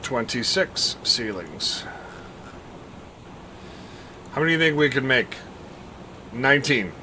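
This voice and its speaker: A man streaming a game live, chatting casually with viewers, thinking and counting out loud and laughing often. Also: medium pitch, brisk, slight background noise. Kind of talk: casual gameplay commentary.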